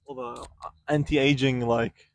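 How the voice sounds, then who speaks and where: A man's voice: mid-range voice, little pitch movement, a little slow, gravelly. A young man co-hosting a podcast, bantering in a playful, casual way. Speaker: podcast co-host. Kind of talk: casual chat.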